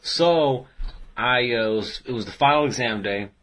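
A man's voice: medium pitch, a little slow, fairly bright tone. A man from Dallas, Texas telling laid-back stories in casual chat, laughing as he goes. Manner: laid-back, laughs through his stories, calls friends "fool".

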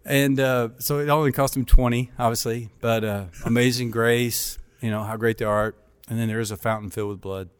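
A middle-aged man, a pastor, tells a funny story with animated energy and acts out the voices of the people in it. His voice sits at an ordinary pitch. The sound is dry and close, with no room in it. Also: fairly quick, few pauses, clear, resonant tone, dry recording. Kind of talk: storytelling in casual chat.

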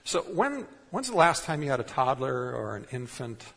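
A pastor delivers a sermon in a large hall whose long reverb trails his words. His voice is medium-pitched, sing-song, creaky, husky, and a bit bright, moving at a moderate pace as he speaks conversationally and poses rhetorical questions to the congregation.

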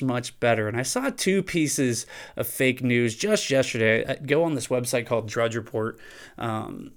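A man's voice: a little high, clean tone. A man hosting a podcast, talking in a casual, conversational monologue. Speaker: podcast host.

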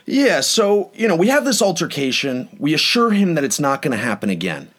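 Casting: young male host, lively storyteller, voice sits a touch high, swings up when quoting people. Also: brisk. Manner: animated, dramatic retelling with rising pitch on quotes. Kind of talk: casual storytelling chat.

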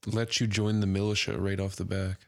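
A man's voice: sits low, flat delivery, brisk, vocal fry, no echo, studio quality. A man co-hosting a podcast, chiming in with short, laid-back reactions in casual chat. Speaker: podcast co-host.

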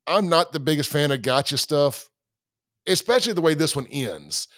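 A man's voice: on the high side, lively intonation, moderate pace, fairly bright tone, no room sound, studio quality. A man hosting a livestream, talking casually, reading out comments and quotes. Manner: casual, conversational, reads comments and quotes aloud. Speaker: podcast host.

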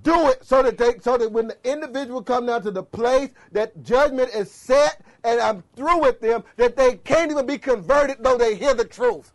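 A man preaching a sermon with passion, swinging between loud exhortation and low murmurs. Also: normal speed, few pauses.

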